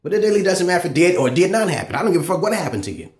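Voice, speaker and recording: A man delivering a profane, rambling monologue as a channel host, swinging between loud high bursts and low mutters. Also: sing-song, very fast. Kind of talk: ranting monologue. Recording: echoey room.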